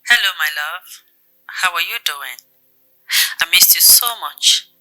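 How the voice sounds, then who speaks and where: Possessive female spirit, Nigerian accent, seductive, menacing, very bright tense voice, music behind. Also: on the low side, lively intonation, measured pace, heavily acted, low-quality recording. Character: possessive female spirit lover on a phone call. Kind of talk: Nollywood film drama.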